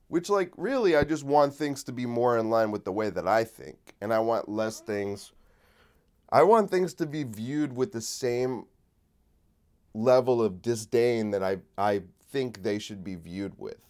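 A man's voice: lowish voice, animated, a little slow, darkish tone. A man hosting a solo comedy podcast while sick, rambling and swearing in a sardonic rant. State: sick with a cold. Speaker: podcast host.

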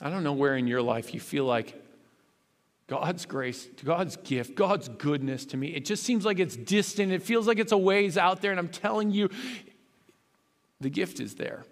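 A man's voice: high voice, animated, normal speed. A man preaching a sermon as a pastor, earnest and rising to fervent emphasis. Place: church sanctuary. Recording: long hall reverb.

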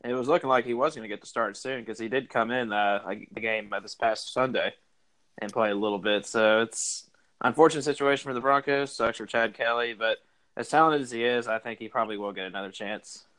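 A man's voice: mid-range voice, fairly quick, a bit bright, low-quality recording. A young man co-hosting a casual sports chat, with an easygoing way of talking. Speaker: co-host.

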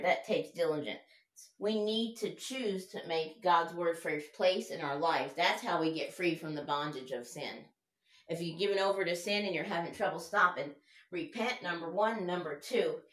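A woman's voice: lowish voice, a bit bright. A woman preaching an informal sermon in an earnest, conversational way. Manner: earnest, conversational, fumbles while looking up verses. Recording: echoey room.

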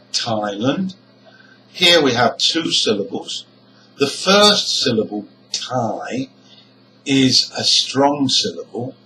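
A man teaching English pronunciation, explaining each point slowly and deliberately. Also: medium pitch, sharp tone, distant mic, a little hiss or hum, rough recording. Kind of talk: slow explanatory lesson.

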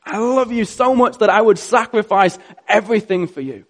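A preacher acts out an impulsive, boastful disciple in a sermon retelling. The voice jumps well above his own and pushes loud and earnest. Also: moderate pace. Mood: fervent. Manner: high, loud, earnest protesting. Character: impulsive adult man disciple, boastful and loyal.

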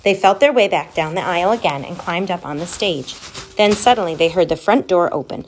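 A woman reading a children's storybook aloud, gentle and expressive, giving the children's lines their own voices. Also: on the low side, fairly quick, slight background noise.

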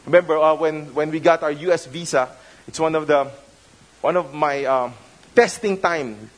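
Filipino pastor guy preaching casual, kinda high-ish voice, lots of restarts. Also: moderate pace, rough recording. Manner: conversational, mixes in Tagalog phrases, many restarts. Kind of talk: sermon.

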